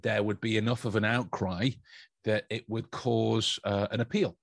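A man's voice: lowish voice, fairly even intonation, normal speed, gravelly, no echo, studio quality. A man hosting a podcast, telling a story in a casual, joking way with lots of stumbling restarts. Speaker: podcast host. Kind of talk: casual chat.

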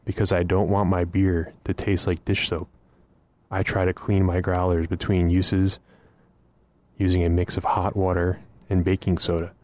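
A man co-hosting a casual podcast, teasing his co-host in a deadpan way and reading out listener letters. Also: sits low, moderate pace, no echo.

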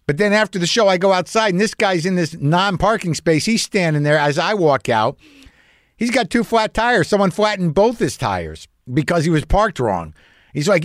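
A man's voice: mid-range voice, lively intonation, moderate pace, no echo. Brief: male podcast host, profane rambling storyteller, dry close sound. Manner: profane, rambling, self-questioning. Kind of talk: storytelling monologue.

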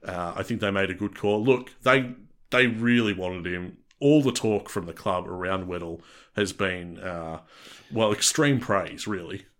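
An Australian man with a deep, fairly bright voice speaks at a measured pace while co-hosting a casual sports podcast. He's chatty and reads out player details, restarting frequently.

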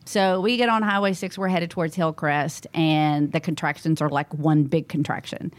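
Animated woman telling a story. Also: sits low, normal speed. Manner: animated, acts out what people said. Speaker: interview guest. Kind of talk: conversational storytelling.

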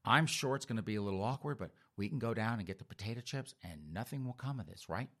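A man puts on a nervous mother, softly placating and trying to keep the peace, with a bright, lively voice. She talks herself into calm. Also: lowish voice, fast talker. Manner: placating, soft.

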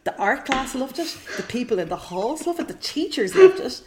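A woman chatting casually, an animated storyteller who laughs often. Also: sits high, moderate pace, very noisy. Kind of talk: casual chat.

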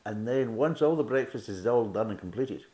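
A man's voice: fairly low pitch, expressive, moderate pace, mellow. A middle-aged man giving a casual, rambling beer review with chatty asides. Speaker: beer reviewer, podcast host. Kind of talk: casual tasting review and chat.

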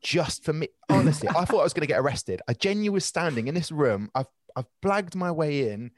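A man in his twenties or thirties, a podcast guest, telling long rambling anecdotes in casual chat with animated restarts and quick asides. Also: on the high side, no echo.

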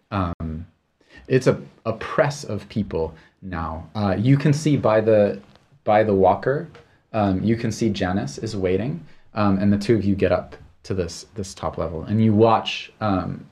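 A man narrating a tabletop game as game master, relaxed and halting, with many fillers. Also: low voice.

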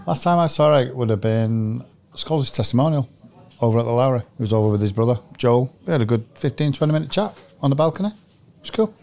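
A man co-hosting a football podcast, a former player telling dressing-room stories in a relaxed, chatty way. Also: medium pitch, fast talker, gravelly. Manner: chatty storyteller. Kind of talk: casual podcast chat.

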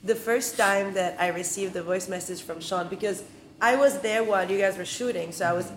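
A woman, a director, telling animated stories in a casual group chat. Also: mid-range voice, a little fast. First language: French. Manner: animated storytelling, laughing asides. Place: restaurant on location. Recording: roomy restaurant echo, faint hum.

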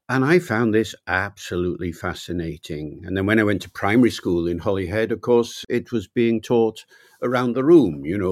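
An older man from Wales speaks as an interview guest in a reflective, anecdotal way. His voice sits low, and the recording is dry with no room sound. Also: a little mellow, dry recording. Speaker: guest linguist. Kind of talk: relaxed interview storytelling.

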